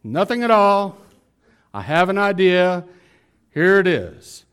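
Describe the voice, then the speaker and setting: A man's voice: sits high, very animated, takes it slowly, fairly bright tone, smooth, pitched above the performer's own voice, heavily acted. A man voicing a pushy, scheming wife in a raised, coaxing voice during a sermon. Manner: coaxing, insistent.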